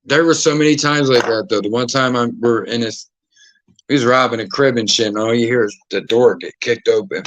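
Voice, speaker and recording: A man's voice: mid-range voice, moderate pace, a bit bright, no room sound, dull audio. A man, a podcast host telling casual stories full of swearing and acting out other people's lines. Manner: profane, acts out quoted voices. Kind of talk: casual storytelling.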